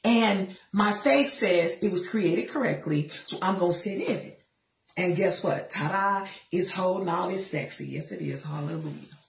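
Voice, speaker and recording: A middle-aged woman giving a faith-based motivational talk from a chair, emphatic and sassy, with lively asides to her listeners. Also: lowish voice, moderate pace, vocal fry, roomy sound. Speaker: motivational speaker. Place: seated in a chair.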